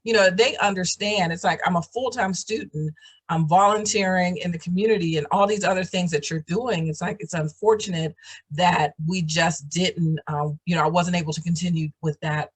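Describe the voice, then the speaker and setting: A woman's voice: fairly low pitch, steady tone, normal speed, slightly rough. A woman hosting a casual video call chat, encouraging and full of fillers and restarts. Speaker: program host.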